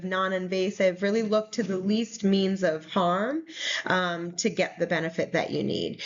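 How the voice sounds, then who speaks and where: A woman's voice: mid-range voice, highs cut off. A woman teaching a recorded nursing lecture in a conversational, explanatory way with frequent fillers. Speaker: nursing instructor.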